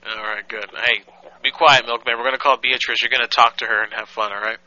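Bright teasing man hosting prank calls. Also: medium pitch, fairly even intonation, fast, lo-fi sound. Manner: laughing, teasing, loose. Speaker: host of a prank call show. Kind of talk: casual prank-call banter.

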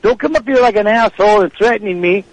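A man's voice: high voice, fast. An older man talking angrily and bluntly, making threats on a phone call. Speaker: prank call target.

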